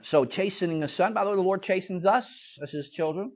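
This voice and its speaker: A man's voice: high voice, brisk, hardly any pauses, lo-fi sound. Emphatic man teaching a Bible lesson. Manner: conversational and emphatic, with asides and laughs.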